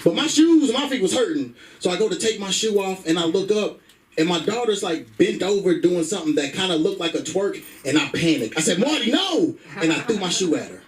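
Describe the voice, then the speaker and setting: A man doing stand-up with a brash, profane storytelling style. His voice sits a little higher than most men's, and he speaks into a stage microphone at a comedy club. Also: animated, fairly quick, recorded from a distance, low-quality recording.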